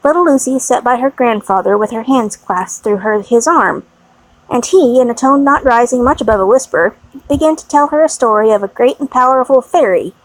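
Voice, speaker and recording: A woman narrating an audiobook in a measured, expressive reading. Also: fairly high pitch, no echo, low-quality recording.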